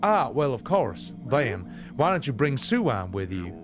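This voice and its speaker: A man's voice: medium pitch, very animated, a little slow. A man voicing a genteel, bookish male scholar who explains things in a drawling manner, with game music behind him.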